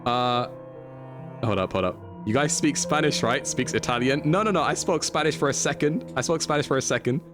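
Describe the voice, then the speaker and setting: A man's voice: mid-range voice, a little fast, music in the background. A man streaming a video game, chatty and playful, laughing often as he talks to his chat. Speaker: livestreamer.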